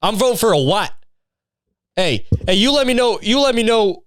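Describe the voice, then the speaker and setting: A man's voice: high-pitched, expressive, normal speed, no echo, studio quality, pitched above the performer's own voice. A man voicing a brash, bigoted male coworker who rants in crude, drawling slang. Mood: scornful.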